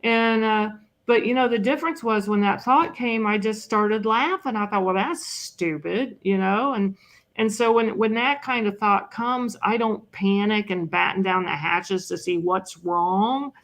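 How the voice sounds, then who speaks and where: An older woman talks as a podcast guest with a gravelly, creaky edge to her voice. She tells personal stories in a loose, self-mocking way, full of "you know" asides. Her voice sits at an ordinary middle pitch for a woman. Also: fairly bright tone. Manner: chatty and self-mocking, with frequent "you know" and quick laughs. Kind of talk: conversational storytelling.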